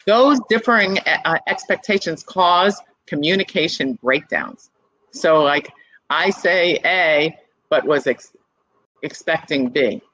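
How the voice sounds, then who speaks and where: A co-presenter explains a point step by step in a bright, forward voice, with worked examples. The sound is close and dry, with no room echo. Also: medium pitch, animated, slow. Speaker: webinar co-presenter. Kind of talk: teaching talk to business couples.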